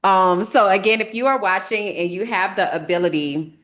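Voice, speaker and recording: A woman's voice: mid-range voice, moderate pace, fairly bright tone. A woman hosting a live-streamed podcast episode in casual chat, upbeat and chatty, greeting her viewers. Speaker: podcast host on a livestream.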